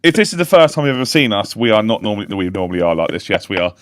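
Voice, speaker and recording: A man's voice: lowish voice, very animated, rapid-fire, a little hiss or hum. A man hosting a casual football podcast, swearing, laughing easily and losing his train of thought. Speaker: podcast host.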